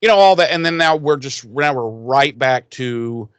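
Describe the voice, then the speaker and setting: A man's voice: medium pitch, lively intonation, moderate pace, clear, resonant tone, no room sound. A man co-hosting a podcast, retelling a TV episode in loose, profane casual chat full of fillers. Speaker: podcast co-host.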